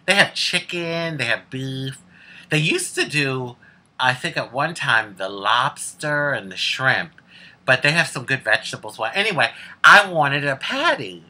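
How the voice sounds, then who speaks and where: Sassy woman with a sharp voice. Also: extremely low pitch, animated, measured pace. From United States. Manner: sassy, candid, laughs often. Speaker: vlogger. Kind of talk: casual storytelling to camera.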